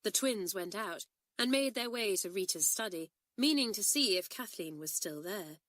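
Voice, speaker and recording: A woman narrating an audiobook with expressive storytelling. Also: mid-range voice, moderate pace, no room sound, clean studio sound.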